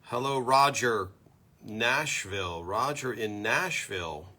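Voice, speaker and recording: Bright-voiced chatty male live-stream host. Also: fairly low pitch, animated, slow. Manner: chatty, loud, greets viewers one by one. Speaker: host of a live fan show. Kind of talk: casual live-stream chat greeting viewers. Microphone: built-in computer mic.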